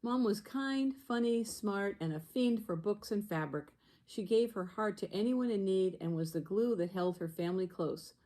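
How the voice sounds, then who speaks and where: Woman fondly reading about her late mom, mellow tone. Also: mid-range voice, normal speed. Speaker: daughter giving a remembrance. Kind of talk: read memorial tribute.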